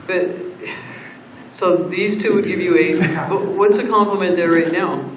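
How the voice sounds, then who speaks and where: A man on council speaking earnestly in a budget meeting, with halting restarts as he works out his point. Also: sits high, recorded from a distance, slight background noise. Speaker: council member. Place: council chamber. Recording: roomy council chamber mic.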